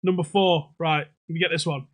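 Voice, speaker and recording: His voice is a little high, with a steady tone and normal speed. A young man hosting a home pub quiz livestream jokes and swears while reading comments on a desk microphone, in casual banter.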